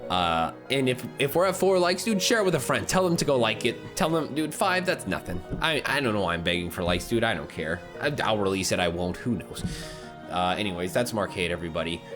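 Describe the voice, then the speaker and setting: A young man with a low voice, reading a visual novel aloud for his gaming channel. He talks in an excitable, loose way, swearing and laughing between lines. Game music plays under his voice. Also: brisk.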